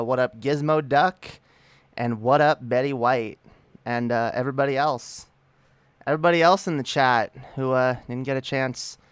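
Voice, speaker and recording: A man's voice: mid-range voice, smooth, no room sound. A man hosting a casual livestream, greeting his chat in a laid-back, profane way. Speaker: livestream host.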